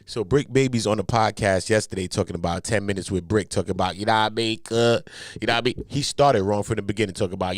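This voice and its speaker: He talks at a quick pace with vocal fry and a Los Angeles accent, joking in heavy street slang during casual, animated commentary and turning low and serious for explanations. It's a dry, studio-quality recording.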